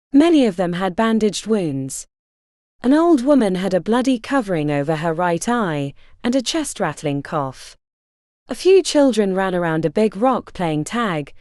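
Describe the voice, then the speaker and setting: A woman narrating a fantasy audiobook in an expressive storytelling manner. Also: mid-range voice, dry recording, studio quality.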